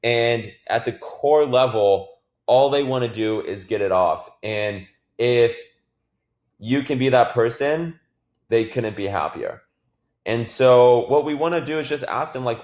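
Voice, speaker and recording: A man giving a casual, energetic sales training talk, swearing now and then and filling his speech with "like.". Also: medium pitch, normal speed, reverberant.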